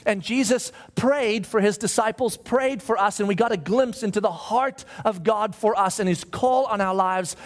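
Animated high-voiced male pastor. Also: moderate pace, few pauses. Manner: animated storytelling with acted-out voices. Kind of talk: sermon.

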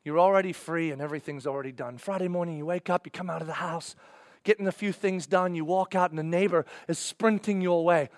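High-voiced man preaching dramatically. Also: fairly even intonation, fast, no room sound, studio quality. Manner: dramatic storytelling, acting out dialogue. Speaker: pastor. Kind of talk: sermon.

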